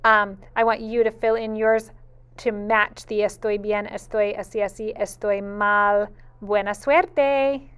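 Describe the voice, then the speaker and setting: A woman's voice: mid-range voice, steady tone, fairly bright tone. A woman teaching a Spanish lesson to preschool children in a sing-song, patient teacher voice, drawing out her phrases. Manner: slow, clear and patient. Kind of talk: video lesson for young children.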